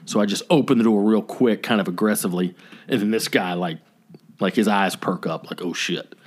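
A man's voice: lowish voice, brisk. A middle-aged man, co-host of a podcast, telling a story in casual chat and acting out what people said. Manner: animated storyteller acting out quotes.

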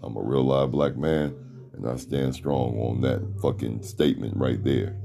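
A middle-aged man hosting a podcast with a deep voice, giving a blunt, profane, preachy motivational talk from a room at home. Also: steady tone, a little slow, creaky, mellow. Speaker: podcast host. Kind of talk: motivational monologue.

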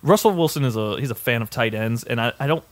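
A man's voice: medium pitch, animated, fast, no echo. A young man co-hosting a casual sports podcast, blunt and profane, hedging his opinions. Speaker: podcast co-host.

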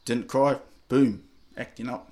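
Young New Zealand man, blunt and slangy, swears freely, speaks low-key and candid. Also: fairly even intonation, measured pace, a little mellow. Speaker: interviewee. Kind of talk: candid personal story, casual chat.

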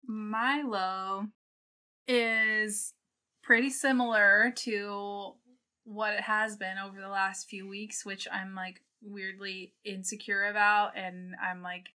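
A young adult woman co-hosting a casual podcast, speaking in a measured, candid way. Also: mid-range voice, little pitch movement, sharp tone. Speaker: podcast co-host, nurse.

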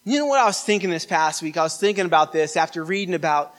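A male pastor preaching at a church service, his voice notably high for a man. He tells Bible stories conversationally, then builds to emphatic, fervent exhortation. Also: expressive, fast talker, a bit bright. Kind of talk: sermon.

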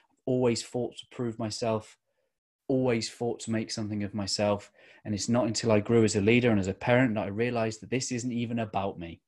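A middle-aged man giving an earnest motivational talk as a podcast host, slowing down to stress key phrases. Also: medium pitch, steady tone, darkish tone.

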